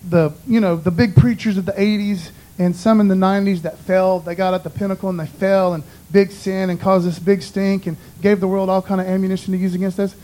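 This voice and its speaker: A man's voice: high-pitched, flat delivery, fairly quick, hardly any pauses, warm tone, rough recording. A man giving an informal, conversational sermon in a folksy way, often dropping "man" and "you know". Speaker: preacher.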